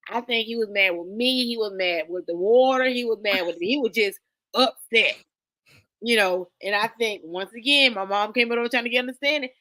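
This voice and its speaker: Bright-voiced woman guest, chatty and expressive. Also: on the high side, no room sound. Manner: expressive, chatty, quick to affirm. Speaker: podcast guest. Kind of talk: casual storytelling chat.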